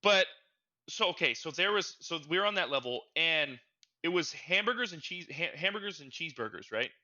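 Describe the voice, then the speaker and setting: A young man co-hosting a casual gaming podcast, telling stories in an animated, stammering way and getting loud when excited. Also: fairly quick, lo-fi sound. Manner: animated storytelling, gets loud and high when reliving frustration. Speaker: podcast co-host. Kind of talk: casual chat.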